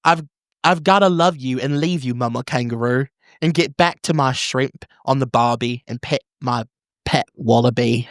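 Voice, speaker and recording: A man's voice: medium pitch, moderate pace, dry recording, studio quality, close to an everyday voice. A man reading a listener letter in an exaggerated put-on Australian accent, playing a cheerful Australian fan. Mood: hammy. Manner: exaggerated, sighing, playful. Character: over-the-top Australian letter writer, male, cheerful.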